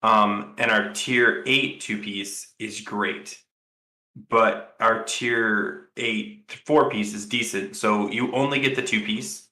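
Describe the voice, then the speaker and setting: A man's voice: fairly low pitch, steady tone, slow, sharp tone, echoey room. A man co-hosting a casual podcast chat, rambling and thinking aloud with lots of fillers and restarts. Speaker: podcast co-host.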